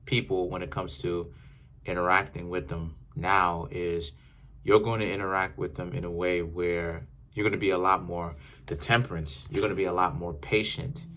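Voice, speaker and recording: A man's voice: sits low, a bit bright. A man giving a casual, rambling tarot reading, often correcting himself as he talks. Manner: rambling, self-correcting, conversational. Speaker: tarot reader.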